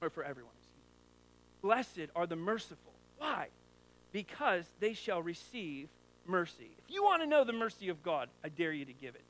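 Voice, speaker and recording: A man's voice: high-pitched, big pitch swings, moderate pace, fairly bright tone, poor audio. A man preaching a sermon as a pastor, in a conversational, joking style, full of rhetorical questions to the congregation.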